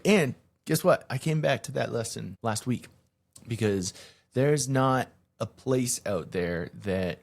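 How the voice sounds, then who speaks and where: A man with a fairly low voice hosts his own podcast in a loose solo monologue. He talks in an energetic, chatty way, and his pitch jumps up high when he gets excited. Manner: energetic, conversational, hype greetings. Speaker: podcast host.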